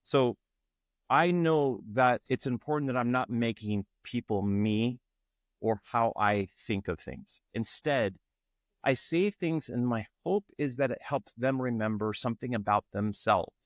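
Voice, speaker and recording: A man's voice: medium pitch, measured pace, no echo, studio quality. A man speaking as a guest in an interview, earnest and searching, often restarting his phrases. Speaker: guest, tantra facilitator. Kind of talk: reflective interview talk.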